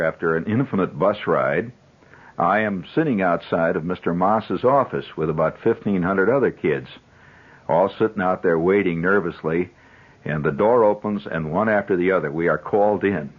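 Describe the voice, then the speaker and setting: A man's voice: deep voice, moderate pace, breathy edge. A man in his fifties, a radio host telling a long, rambling story in a conversational way with chuckling asides. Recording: dull 1970s radio broadcast.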